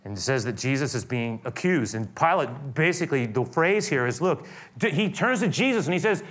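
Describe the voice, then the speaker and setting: A man preaching a sermon, retelling a scripture scene with animated, acted-out quotes. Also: on the high side, a little fast. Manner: animated retelling, acts out quoted voices loudly. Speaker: pastor.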